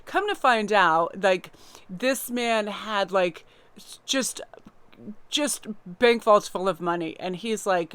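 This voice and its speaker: A woman's voice: medium pitch, moderate pace, clean tone, no room sound. A woman tarot reader giving a casual, chatty inspirational talk, telling stories with lots of fillers. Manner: chatty, warm storytelling with many fillers.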